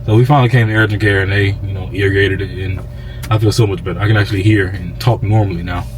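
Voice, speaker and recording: A man's voice: low-pitched, steady tone, fast, faint music behind, poor audio. A man chatting casually in a laid-back way, telling a story on a partner's vlog. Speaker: vlogger's partner. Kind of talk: casual chat.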